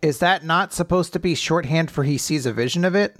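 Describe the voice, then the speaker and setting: A man's voice: fairly high pitch, a little fast, fairly bright tone, dry recording, clean studio sound. A man co-hosting a podcast, chatting casually and animatedly with frequent laughs. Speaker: podcast co-host. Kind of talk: casual chat.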